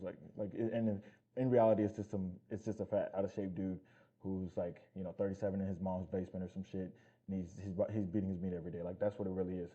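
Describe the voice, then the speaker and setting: A fitness coach giving blunt, profane motivational talk in a casual vlog. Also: male voice, sits low, steady tone, fast talker, mellow, husky, dull audio.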